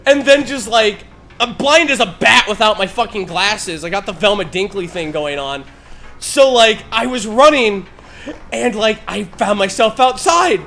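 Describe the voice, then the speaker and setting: High bright-voiced guy rambling thru a story on stream, lots of um and swearing, faint noise behind. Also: measured pace. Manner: swears freely, rambling with many fillers, grows loud and animated. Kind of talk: casual storytelling on a live stream.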